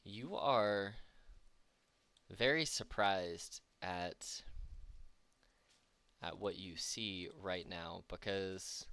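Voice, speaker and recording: A man acting as game master, narrating a tabletop game slowly with many pauses and fillers. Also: deep voice, a bit bright, clear, resonant tone. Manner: slow, halting narration with fillers.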